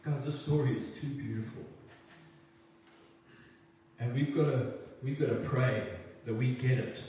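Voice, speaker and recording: A man preaching a sermon in a church, earnest and halting, often repeating words as he restarts. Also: mid-range voice, dark tone, a little hiss or hum. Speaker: pastor. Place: church hall. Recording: echoey hall, distant mic.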